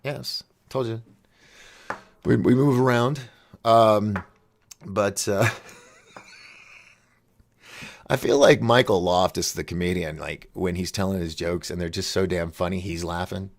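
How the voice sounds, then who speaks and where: A man's voice: low-pitched, measured pace. A man hosting a call-in show in a casual, rambling monologue, giggling often at his own jokes. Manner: rambling, restarts and trails off.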